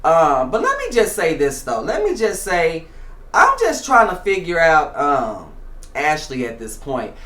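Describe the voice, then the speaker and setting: A man's voice: a little high, wildly swooping pitch, measured pace, pushed and bright. Chatty man, echoey room. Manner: chatty, many fillers and restarts. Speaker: show host. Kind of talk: casual reality TV commentary.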